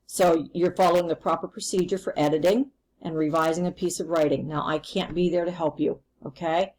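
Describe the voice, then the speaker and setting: A woman's voice: lowish voice, steady tone, brisk, darkish tone, rough recording. A woman teacher recording a remote lesson, explaining patiently and step by step.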